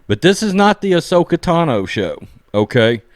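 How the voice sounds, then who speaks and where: Animated man recapping and reviewing an episode. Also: on the high side, moderate pace, no room sound, studio quality. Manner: animated, acts out character lines while recapping; repeats "okay?" and "look". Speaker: show reviewer.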